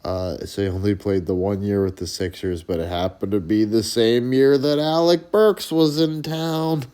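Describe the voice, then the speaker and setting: Low gravelly man rambling about sports. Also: darkish tone. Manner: rambling, profane, calls himself Coach in third person. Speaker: sports show host. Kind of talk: casual sports chat.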